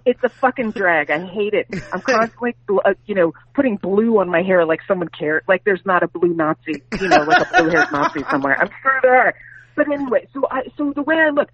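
A woman's voice: medium pitch, a little fast. Foul-mouthed woman storyteller on a tinny line. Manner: profane, animated storyteller. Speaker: comedian guest. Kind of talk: casual podcast chat. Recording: tinny phone-like, dry sound.

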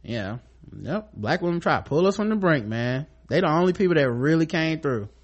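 A man's voice: fairly high pitch, animated, brisk. A man co-hosting a casual podcast, reading listener mail and talking bluntly and profanely.

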